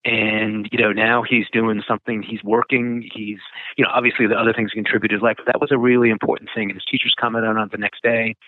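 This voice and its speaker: A man's voice: on the low side, level tone, fast talker, no echo. A man, a nonprofit founder, telling stories in an interview, rambling with many fillers and restarts. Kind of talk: conversational storytelling. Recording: dry tinny phone line.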